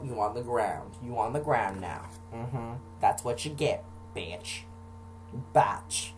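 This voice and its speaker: A man casually telling a personal story for a vlog, sarcastic and animated, acting out the voices of the people in it. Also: medium pitch, slow pace, faint music behind.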